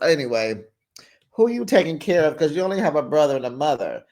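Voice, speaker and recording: A man's voice: fairly high pitch, sing-song, brisk, a little mellow. A man hosting a casual reality TV recap, sassy and playful, laughing often and acting out quotes in exaggerated voices.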